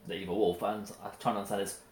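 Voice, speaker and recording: A man's voice: on the low side, level tone, rapid-fire, darkish tone. A man co-hosting a casual mealtime chat, often stopping and restarting his phrases. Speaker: co-host. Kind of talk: casual chat over a meal. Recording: roomy echo with faint noise.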